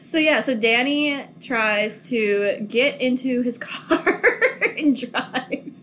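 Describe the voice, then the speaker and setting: A woman's voice: fairly high pitch, slow pace, a little hiss or hum. A young woman from Minnesota, co-hosting a podcast and recapping a film in casual, giggly chat with plenty of swearing. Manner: giggly, swears casually, bursts into loud laughs. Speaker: podcast co-host.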